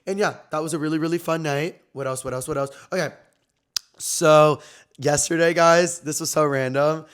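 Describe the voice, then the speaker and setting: A young man hosting his own podcast, telling gossipy stories in an animated, slangy, casual way. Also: fairly high pitch, normal speed, smooth. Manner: animated, chatty, heavy slang and "like" fillers. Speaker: podcast host.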